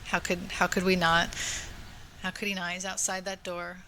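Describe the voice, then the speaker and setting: A woman's voice: lowish voice, flat delivery, normal speed, pushed and bright, slight background noise. A young woman co-hosting a podcast, recounting a show in chatty storytelling full of "like," and opening up about her own life. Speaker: podcast co-host. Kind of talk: casual chat. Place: home room.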